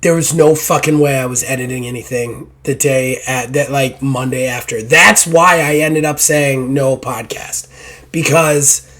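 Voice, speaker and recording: Hoarse-voiced man hosting a podcast. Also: mid-range voice, fairly even intonation, a little slow, a bit bright. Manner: rambling, self-deprecating, swears casually. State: hoarse after illness. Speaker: podcast host. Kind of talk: casual podcast chat.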